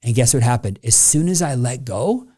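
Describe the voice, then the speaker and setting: Mellow-voiced man telling a story. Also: mid-range voice, moderate pace. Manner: animated storyteller who acts out people he quotes. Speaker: podcast host. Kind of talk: casual podcast conversation.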